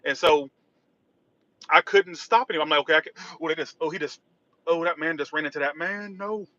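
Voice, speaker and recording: Bright-voiced man chatting from his car. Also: a little high, brisk, lo-fi sound. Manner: rambling, reacts to chat and traffic. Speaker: tarot reader livestreaming. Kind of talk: casual livestream chat. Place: in a car driving.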